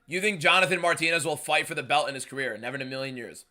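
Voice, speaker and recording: Loud, emphatic young male streamer. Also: fairly high pitch, racing. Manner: emphatic and shouty, reading viewer messages aloud. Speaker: live streamer hosting a fight watchalong. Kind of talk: live stream chat and fight commentary.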